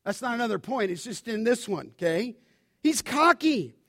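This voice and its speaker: A man preaching a sermon as pastor, animated, often asking his listeners to finish his sentences. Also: extremely high pitch, normal speed, dry recording, clean studio sound. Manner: animated preaching, asks the congregation to fill in words.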